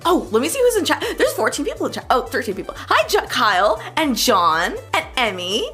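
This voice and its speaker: A woman's voice: sits high, wildly swooping pitch, fairly quick, fairly bright tone, faint music behind. A woman chatting and giggling through a casual cooking livestream, greeting her chat.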